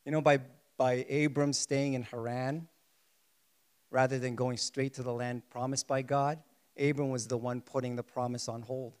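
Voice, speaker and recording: A man preaching a sermon with passion, acting out prayers and swinging between hushed pleading and loud emphasis. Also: mid-range voice, level tone, normal speed, clear, resonant tone. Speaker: pastor.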